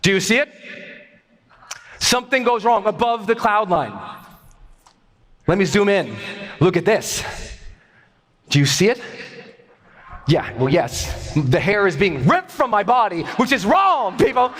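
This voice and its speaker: A man telling a comic story to an audience from a stage, animated and prone to loud outbursts. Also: high-pitched, measured pace, pauses often. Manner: animated, bursts into loud exclamations. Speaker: stage speaker.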